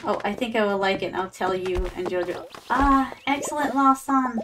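A woman's voice: a little high, normal speed, noisy background. A woman streaming a farming game, chatting casually with her viewers, calling them her darlings and dropping in Japanese words. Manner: chatty, talks to chat as "my darlings". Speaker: VTuber streamer. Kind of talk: casual gameplay commentary.

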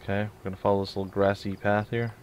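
Joking low-voiced man playing a game. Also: level tone, quick pace, slight background noise. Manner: joking, chatty, mumbles asides. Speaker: let's play host. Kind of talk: casual gameplay chat.

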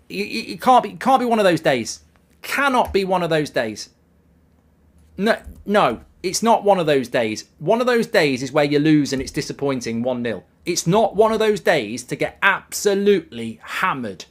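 Woman, low voice with a lively swooping delivery, furious fan rant on a live stream. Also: moderate pace. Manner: furious ranting, swearing, repeating herself. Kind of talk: live watchalong reaction.

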